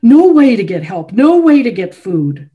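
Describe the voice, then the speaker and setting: A woman voicing an ailing, intense male composer who speaks slowly, with weight on his words. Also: mid-range voice, lively intonation, phone-quality sound, pitched above the performer's own voice, close to an everyday voice. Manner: slow, weighted speech.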